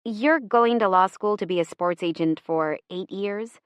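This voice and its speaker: A woman's voice: mid-range voice, a little slow, smooth, no room sound, lo-fi sound, lightly acted. A woman voicing a wry young woman friend who speaks in a dry, teasing way in an audiobook.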